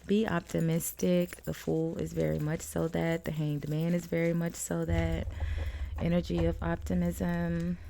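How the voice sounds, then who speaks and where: Low, gravelly-voiced woman reading tarot. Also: monotone, a little slow, mellow. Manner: chatty, laughs often, calls the viewer "friend". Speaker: tarot reader. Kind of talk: casual tarot card reading to camera.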